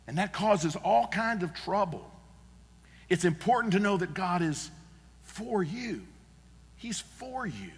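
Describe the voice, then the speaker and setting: A man's voice: high-pitched, very animated, takes it slowly, pauses often, husky, in a large hall. A male pastor preaching a sermon in a church, earnest and emphatic, repeating his key phrases. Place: church sanctuary.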